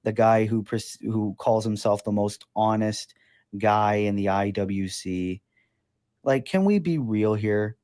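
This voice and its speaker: A man's voice: on the low side, slow pace, darkish tone. A man in his twenties hosting a podcast, ranting in a casual, sarcastic, profane way. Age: 20s. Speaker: podcast host.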